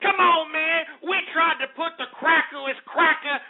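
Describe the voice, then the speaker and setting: Man doing a high, drawn-out, exasperated bystander voice, tinny phone sound. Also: steady tone. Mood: mocking. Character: exasperated imagined male bystander.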